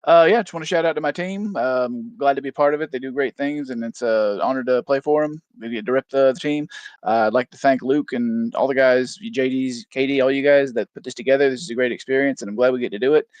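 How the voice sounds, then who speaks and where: A man's voice: medium pitch, fast, dry recording. Modest hesitant man, dry sound. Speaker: guest player. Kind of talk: casual shout-out.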